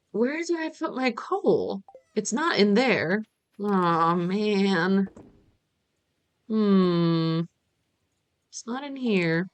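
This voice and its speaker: A slightly low-pitched woman in her thirties from the United States chats through a game stream. She rambles in a playful, self-mocking way. Her talk wanders from the game to everyday life. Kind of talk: casual gameplay chat.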